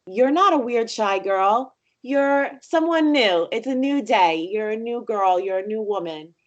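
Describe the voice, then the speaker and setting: A young woman talks in a casual podcast conversation, earnest and reflective. Her voice sits at an ordinary middle pitch for a woman. She sounds encouraging and thoughtful as she talks things through. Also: a little mellow, muffled recording. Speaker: podcast guest.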